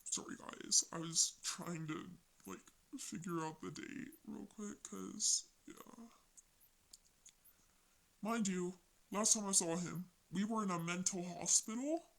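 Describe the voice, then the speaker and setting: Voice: mid-range voice, slow pace, gravelly, a bit bright, low-quality recording. A young vlogger casually retelling text conversations in a slangy, rambling way. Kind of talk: casual storytelling vlog.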